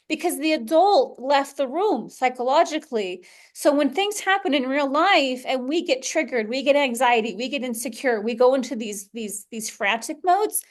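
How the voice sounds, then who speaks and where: Candid, animated woman podcaster. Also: high voice. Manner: candid, animated, swears and laughs freely. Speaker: podcast host. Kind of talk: personal podcast talk.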